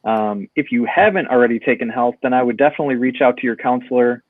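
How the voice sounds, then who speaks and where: A man from the school staff calmly answering a student's question on a panel, with a few fillers. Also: mid-range voice, fast talker, no echo. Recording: dry, phone-like line.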